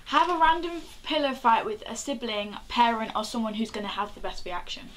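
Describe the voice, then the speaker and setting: Girl doing dares on camera, high voice, casual and giggly. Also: animated, brisk, noisy background. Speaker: vlogger. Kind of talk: dare challenge vlog.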